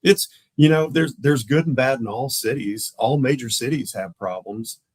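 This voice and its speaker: An older man, a former police officer telling animated stories in a casual chat. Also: mid-range voice, moderate pace, slightly rough, no echo, low-quality recording. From Tulsa, Oklahoma. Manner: animated, acts out others' voices in his stories; laughs often mid-story.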